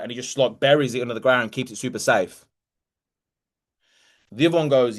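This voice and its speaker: A man's voice: mid-range voice, normal speed. A man hosting a group call as a motivational coach, talking directly and emphatically and repeating key phrases.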